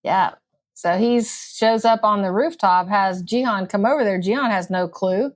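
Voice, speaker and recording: A woman in a relaxed recap conversation who keeps chiming in with quick agreement. Her voice sits at an ordinary middle pitch, and she talks in an easygoing, conversational way. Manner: agreeable, with frequent short affirmations. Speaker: co-host of a TV drama recap show. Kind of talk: casual recap chat.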